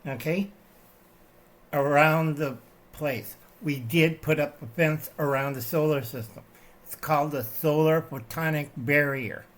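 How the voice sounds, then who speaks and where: A man's voice: a little high, unhurried. An older man hosting his own channel, ranting in a digressive, satirical way, often tagging his lines with "okay?" while showing things to the camera. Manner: shows items to the camera while talking. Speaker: channel host. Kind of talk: rambling satirical rant.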